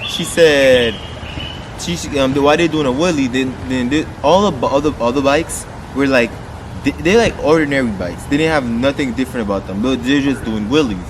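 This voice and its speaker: A man vlogging a story time, swearing freely and jumping to loud outbursts when he quotes people. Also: medium pitch, normal speed. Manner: animated, swearing, loud bursts when quoting. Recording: noisy outdoor street sound.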